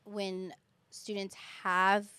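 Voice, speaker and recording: A young woman who teaches kindergarten, chatting casually as a podcast guest and telling stories with lively quoted voices. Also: medium pitch, drawn-out words, clean tone, no echo.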